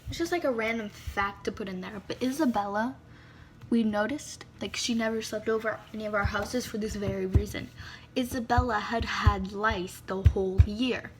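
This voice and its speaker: A teenage girl tells a storytime vlog into a phone mic, her mid-range voice at a moderate pace over background music. She's chatty, says "like" constantly, and drops dramatic whispered asides.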